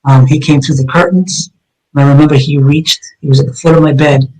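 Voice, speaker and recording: A man's voice: a little high, little pitch movement, brisk, darkish tone, poor audio. A middle-aged man, a retired detective, earnestly recounting a personal story as an interview guest, acting out the dialogue vividly.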